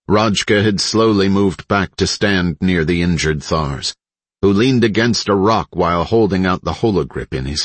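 A man reading an audiobook in a steady, dramatic narrating style on a close mic. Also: low voice, slightly rough, no room sound. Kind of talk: scripted narration.

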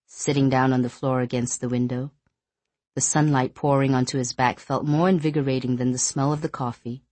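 A woman narrating an audiobook in a calm, even voice. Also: very deep voice, brisk, dry recording. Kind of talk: scripted narration.

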